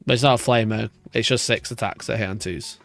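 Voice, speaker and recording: A gravelly, fairly low male voice moves a little quickly as soft music plays underneath. It belongs to a wargaming live-stream host who reads, reacts, and curses his way through playful fake outrage in loose stream chatter.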